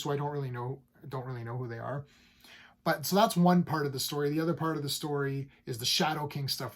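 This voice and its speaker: Man, comic review vlog, casual rambling chat, lots of ums and restarts, mid-pitched voice. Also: a little mellow. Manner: enthusiastic, paraphrases characters loosely.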